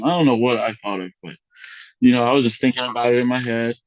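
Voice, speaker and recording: A young man on a podcast telling embarrassing stories in a loose, chatty way, acting out the voices of other people with big jumps in pitch and filling his talk with "like" and "you know". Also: fast, dry recording, dull audio. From Mexican heritage. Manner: animated, acts out quotes with big voice jumps, lots of fillers. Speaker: podcast guest. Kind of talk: casual storytelling chat.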